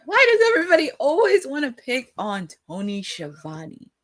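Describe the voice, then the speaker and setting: A young woman hosting a live watch-along, chatting and reacting excitedly with frequent laughs. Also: high voice, moderate pace.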